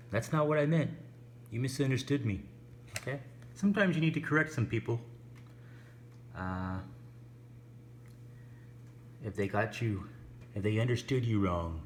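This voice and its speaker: A man's voice: low-pitched, a little hiss or hum. A man teaching an English lesson, explaining patiently and stretching out example words.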